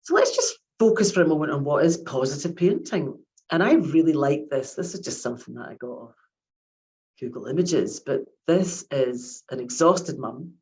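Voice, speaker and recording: A woman's voice: low-pitched, animated, normal speed, a little mellow, poor audio. A woman, giving a chatty academic lecture on child psychiatry and often repeating her words.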